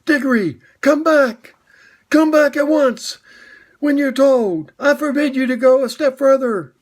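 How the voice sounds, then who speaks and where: A man voicing a frightened, fussy old man who shouts commands from far away in a shrill, frantic voice. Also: unhurried.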